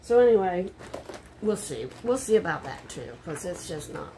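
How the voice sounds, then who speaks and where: A woman's voice: lowish voice, big pitch swings, moderate pace, mellow, slight background noise. An older woman chatting casually at home while she unboxes a shopping haul, muttering asides and getting frustrated. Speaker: haul vlogger. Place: home room.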